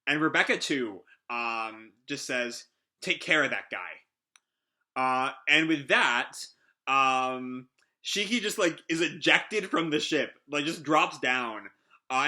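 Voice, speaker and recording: A man's voice: mid-range voice, pushed and bright. A young man hosting a casual live manga reaction, chatty and full of fillers, reading the characters' lines aloud. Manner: chatty, many fillers, reads dialogue with small voice shifts. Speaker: manga reaction channel host.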